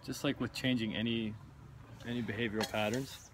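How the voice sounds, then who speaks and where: A man's voice: medium pitch, steady tone, a little fast, background noise. A man who works as a personal trainer, chatting casually as a guest, with frequent restarts and tag questions. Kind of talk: casual chat.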